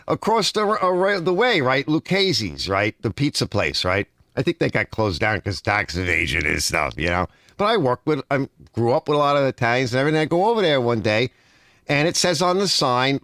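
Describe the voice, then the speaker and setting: A man's voice: medium pitch, moderate pace, no echo, clean studio sound. A middle-aged man with a heavy New York accent chatting casually on a livestream, telling stories and tagging sentences with "right?" and "you know?". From Long Island, New York. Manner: storytelling, animated, fillers like "right?" and "you know?". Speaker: livestream host. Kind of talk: casual livestream chat reading comments. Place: home garage.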